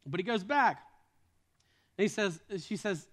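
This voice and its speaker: A man's voice: high voice, animated, unhurried, a bit bright. A man preaching a sermon as a retold story, casual in tone with joking asides.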